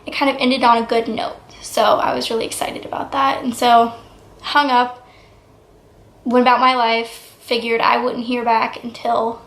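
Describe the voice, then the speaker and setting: A young woman in her twenties vlogging casually, chatty and excitable with lots of "like" fillers. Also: fairly high pitch, normal speed. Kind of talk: casual vlog storytelling. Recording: echoey room.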